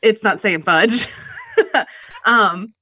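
Bright-voiced woman, playful and chatty. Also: mid-range voice, very slow, no room sound. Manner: playful, teasing, lots of "like". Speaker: podcast co-host. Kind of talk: casual movie discussion.

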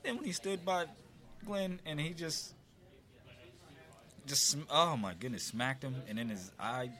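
A man with a bright, tense voice retells scenes expressively in a casual podcast chat, acting out his own reactions along the way. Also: fairly high pitch, measured pace. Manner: expressive storytelling, acts out reactions. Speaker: podcast co-host.

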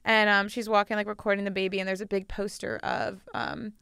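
A woman's voice: mid-range voice, lively intonation, gravelly, bright, forceful tone, clean tone, no echo, studio quality. A woman on a podcast as a guest, chatting casually and gushing with lots of giggles. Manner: giggly, gushing, quick asides. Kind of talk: casual chat.

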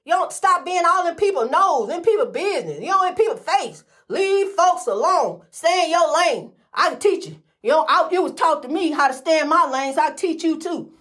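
A woman's voice: very high-pitched, animated, moderate pace, hardly any pauses, a bit bright. A woman with talking in a casual, emphatic monologue, repeating phrases and calling listeners honey. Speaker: host of a faith-based movement channel.

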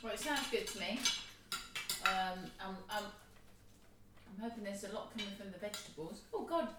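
Middle-aged mum, easily amused, sounds far off and roomy. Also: female voice, mid-range voice, normal speed, very noisy. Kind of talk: casual family chat. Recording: roomy, distant mic, faint clatter.

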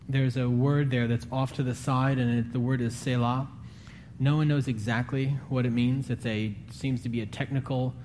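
A man preaching a sermon in an earnest, conversational way, his voice climbing higher when he pleads. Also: a little mellow, slight background noise. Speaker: pastor.

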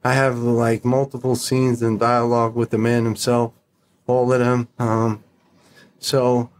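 A middle-aged man, a podcast guest, telling stories in a blunt, profane, animated way. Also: medium pitch, a little slow. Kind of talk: casual storytelling.

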